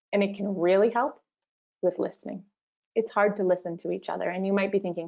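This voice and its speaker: A woman leading an online workshop, speaking gently and encouragingly as she guides a mindfulness practice. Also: fairly low pitch, steady tone, a little fast, creaky, highs cut off. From Canada. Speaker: workshop facilitator.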